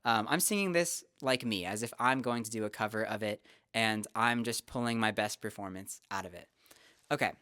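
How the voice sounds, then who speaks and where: A young adult vocal teacher, calmly explaining singing technique step by step in a casual lesson. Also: medium pitch, normal speed, dry recording, studio quality. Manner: relaxed, explanatory, talks through technique step by step.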